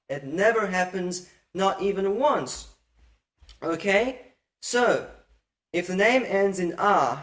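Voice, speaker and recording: A man with a high-pitched voice gives a methodical lesson, posing questions and answering them himself with emphasis. His delivery is slow and deliberate, and the recording carries a noticeable roomy echo. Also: fairly bright tone. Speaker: Bible language teacher. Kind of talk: explanatory lesson.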